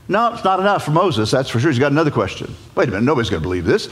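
Funny storytelling preacher guy, animated and folksy, voice all over the place, big echoey church. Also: mid-range voice, racing, hardly any pauses. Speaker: guest preacher. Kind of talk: humorous storytelling sermon. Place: large church sanctuary. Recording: long church reverb.

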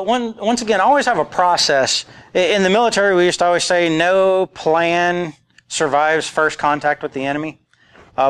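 A man in his forties gives a conference talk in a loose, chatty way and drops in quotes from old movies. His voice sits a bit high for a man. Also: a bit bright. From rural area. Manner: casual, joking, quotes movie lines. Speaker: conference speaker. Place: conference room.

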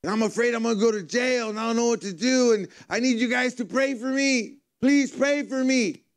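A man's voice: very high voice, a little fast, pitched above the performer's own voice. A man preaching, acting out a frightened man who stole money and fears jail. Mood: fearful. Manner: fearful, urgent.

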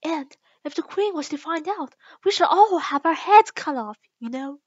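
A woman's voice: lively intonation, normal speed, no echo. Nervous, apologetic card gardener, voiced by a woman reader; storybook, muffled. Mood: anxious. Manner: low, apologetic. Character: anxious playing-card gardener, man.

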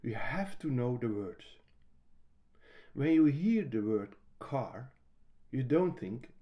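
Slow-talking man teaching rhythm. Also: medium pitch, very animated, warm tone. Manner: slow, patient explanation with sung rhythm syllables. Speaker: piano teacher. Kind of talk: music lesson, explaining and singing rhythm syllables.

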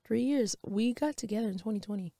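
A young woman co-hosts a podcast in a relaxed, confident tone, full of slang. Her voice sits at an ordinary middle pitch. The recording is close and dry. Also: fast, dry recording. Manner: laid-back, slangy, confident. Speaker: podcast co-host. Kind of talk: casual chat.

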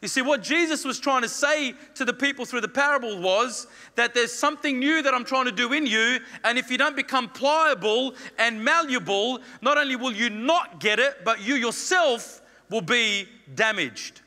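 Male pastor giving an emphatic sermon in a high voice that echoes through a church hall. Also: animated, moderate pace, hardly any pauses, pushed and bright. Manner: emphatic, repeats phrases, acts out quoted lines. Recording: long reverb of a church hall.

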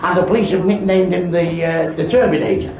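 A man's voice: sits high, steady tone, fairly quick. A man telling blunt, crude jokes in a club stand-up routine, with asides to the crowd. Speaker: stand-up comedian. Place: live club venue with audience. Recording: echoey room, dull lo-fi live tape with crowd noise.

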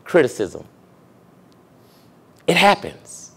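A man's voice: a little high, animated, a little slow, pauses often, a bit bright. A young adult man, a pastor, giving a conversational sermon and checking in with the congregation with questions. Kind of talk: sermon teaching.

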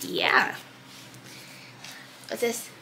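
Slow-talking laid-back young woman vlogger. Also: sharp tone, slight background noise. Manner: laid-back, speaks slowly and plainly to the camera. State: runny nose. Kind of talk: casual vlog chat.

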